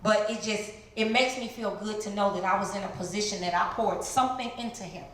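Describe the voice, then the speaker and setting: Echoey woman testifying in church. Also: fairly quick. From Chicago area. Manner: animated storytelling, jumps into high voices to act out quotes. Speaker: guest speaker. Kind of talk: testimony sermon. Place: large church hall. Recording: very echoey church hall, some noise.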